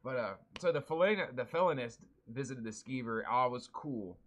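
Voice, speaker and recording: A man's voice: mid-range voice, lively intonation, moderate pace. A man co-hosting a podcast, rambling and swearing freely in casual chat. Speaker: podcast co-host.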